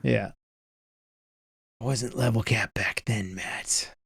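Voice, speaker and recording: Relaxed, rambling man on a podcast. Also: fairly low pitch, slow, gravelly, husky, dry recording, clean studio sound. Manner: relaxed, rambling, nostalgic storytelling with many fillers. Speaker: podcast host. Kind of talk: casual chat.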